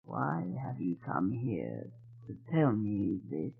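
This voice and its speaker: A narrator voicing an older grey-haired woman who speaks in a low, gravelly, hushed way, over a tinny phone-like sound. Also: sing-song, slow pace, exaggerated voice. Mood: shaken.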